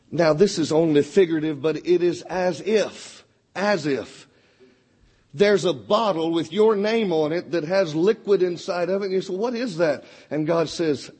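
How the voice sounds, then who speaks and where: A man preaching a sermon, rising high when he quotes scripture and dropping low and soft for personal points. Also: husky.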